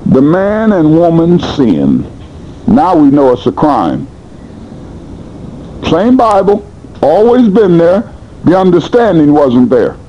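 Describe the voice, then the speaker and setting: A man preaching a sermon in a blunt, colloquial manner, swinging between high and low in animated bursts. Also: slow pace, long pauses, lo-fi sound, slight background noise. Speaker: pastor.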